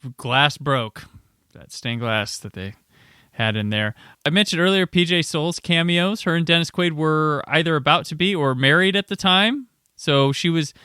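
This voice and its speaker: With a fairly high, smooth voice recorded in clean studio sound without echo, this podcast host chats casually. He tells stories animatedly and performs the voices of those he quotes.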